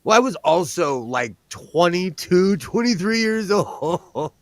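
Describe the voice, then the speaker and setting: A man's voice: sits high, animated, slow, dry recording. A man chatting casually on a show as a guest, rambling and self-mocking, breaking into laughs often. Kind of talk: casual chat.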